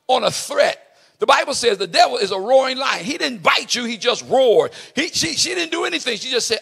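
A male preacher with a high, gravelly voice delivers his sermon with passion, swinging into shouts and a musical, sing-song cadence. His tone is bright and forceful. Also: lively intonation, normal speed.

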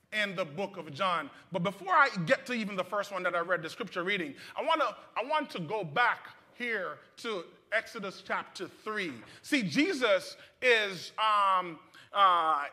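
A man's voice: high voice, sharp tone. A man preaching a sermon to a congregation, repeating phrases and restarting lines, and leading call-and-response. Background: congregation answering.

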